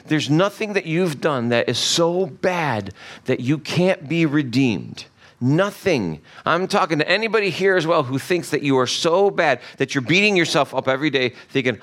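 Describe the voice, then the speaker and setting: A man's voice: fairly high pitch, sing-song, moderate pace, a bit bright. A middle-aged man, a pastor, giving a conversational sermon and acting out quoted voices.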